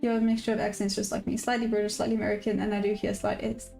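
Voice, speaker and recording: A woman's voice: mid-range voice, little pitch movement, quick pace, gravelly, a little mellow, faint music behind. A woman from Africa, chatting casually on a trading livestream, reading viewer comments aloud and laughing often. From South Africa. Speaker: day-trading livestream host.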